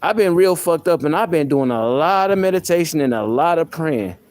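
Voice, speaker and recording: Guy ranting on his livestream, blunt and cussing, voice a bit high. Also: lively intonation, normal speed, a little mellow. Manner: blunt, profane, confrontational. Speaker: livestream host. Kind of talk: emotional personal rant.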